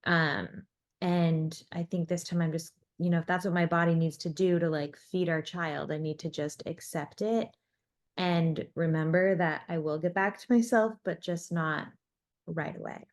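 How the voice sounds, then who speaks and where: A woman's voice: fairly low pitch, fairly even intonation, moderate pace. A young woman co-hosting a podcast, talking in an earnest, reflective way about her own experience. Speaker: podcast co-host. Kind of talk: casual chat.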